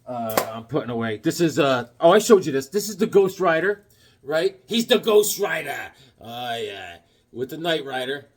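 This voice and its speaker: A middle-aged man rambles casually about comic books, cracking jokes as he goes. His voice is husky and sits a little high, and his pitch swings widely in an animated way. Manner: jokey, animated, wisecracking. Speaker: comic book vlogger. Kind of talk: casual rambling chat to camera.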